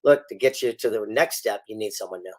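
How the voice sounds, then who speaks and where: A man's voice: fairly low pitch, a little fast, darkish tone. A middle-aged man, a guest author and speaker, telling stories in an interview and acting out the dialogue he quotes. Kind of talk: storytelling interview.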